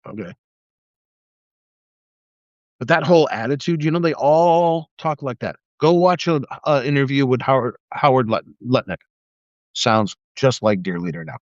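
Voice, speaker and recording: Middle-aged guy on a livestream, ranting and telling stories, normal pitch, kinda dull dry sound. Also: moderate pace, pauses often, no room sound. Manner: animated storytelling, acts out quotes in a raised voice. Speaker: live stream host. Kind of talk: casual monologue.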